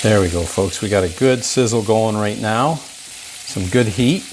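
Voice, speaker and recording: A man's voice: fairly low pitch, unhurried. A man hosting a home cooking show, enthusiastic and chatty, calling the viewers folks as he cooks in his kitchen. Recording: clear background frying noise. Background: sizzling pan.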